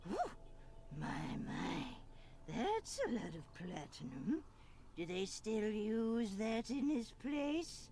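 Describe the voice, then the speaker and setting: A woman's voice: fairly high pitch, big pitch swings, takes it slowly, dark tone, a little hiss or hum, full character voice. A woman voicing a theatrical old hag in a video game, mocking and sing-song. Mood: gloating. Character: cackling old female hag, gloating and theatrical.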